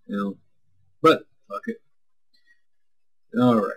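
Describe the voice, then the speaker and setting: Husky man chatting loosely on stream. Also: mid-range voice, lively intonation, slow pace, poor audio. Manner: loose and rambling, swears freely, reads chat aloud. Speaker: stream co-host answering chat. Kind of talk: casual chat.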